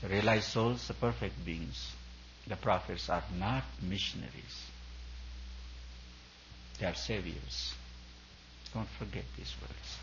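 A man with a fairly low pitch preaches slowly to retreat attendees, leaving long pauses between emphatic, repetitive phrases as a spiritual teacher. Background noise is present in this dull lo-fi recording.

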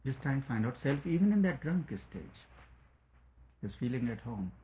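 Man, spiritual talk, meandering storytelling, mid-pitched voice, faint background hiss. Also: sing-song, normal speed, phone-quality sound. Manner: rambling, searching for words, chuckling.

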